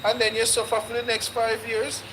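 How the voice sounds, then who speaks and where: A man's voice: very high voice, completely flat delivery, moderate pace. A man with a Jamaican accent speaking bluntly in a casual chat, stumbling over restarts. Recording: noisy background hiss.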